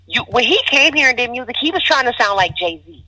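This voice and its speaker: A woman chatting as a podcast guest, full of animated stories and loose profanity. She plays out other people's lines as she goes, and her tone is bright and forceful. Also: on the high side, fairly quick, low-quality recording. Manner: animated storytelling, acting out quotes, profane. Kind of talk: casual chat.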